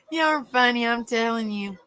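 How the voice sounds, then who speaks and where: A woman's voice: fairly high pitch, sharp tone. A middle-aged woman with a Southern US accent, casually chatting as a livestream host, reading out viewer comments and laughing often. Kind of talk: casual chat.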